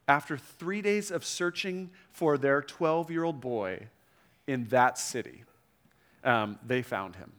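A man's voice: mid-range voice, slow, fairly bright tone. A middle-aged man preaching a sermon to a room, conversational, with frequent asides and restarts. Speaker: pastor.

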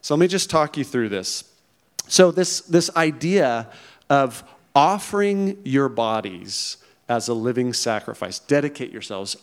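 A male pastor with a smooth, medium-pitched voice preaches a conversational, emphatic sermon. He checks in with the congregation often, asking "okay?" and "right?".

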